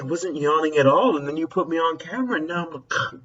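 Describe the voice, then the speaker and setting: A man who teaches chats casually to camera in a vlog, rambling, chuckling, and often cutting himself off to correct himself. His voice is a little high, animated, quick, fairly bright and slightly rough. He sounds far from the mic, and the audio is dull.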